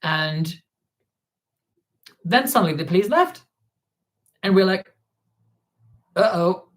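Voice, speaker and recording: A man's voice: sits high, expressive, slow, fairly bright tone. Man, Dutch accent, livestream host, casual chat, reads viewer comments. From Netherlands. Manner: recounts events while reading viewer donations and comments.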